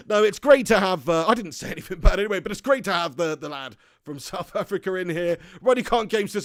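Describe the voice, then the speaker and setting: A man hosting a live fan stream, chatting excitably and reading out viewer comments. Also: high voice, normal speed, dry recording. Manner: excitable, chatty, often laughing. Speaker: fan channel host.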